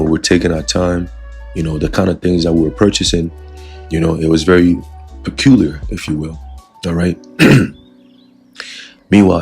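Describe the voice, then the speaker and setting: A man giving a casual spoken testimony of a dream as a religious lesson, relaxed and full of fillers. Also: deep voice, gravelly, husky. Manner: relaxed storytelling with many fillers. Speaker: religious teacher recounting a dream.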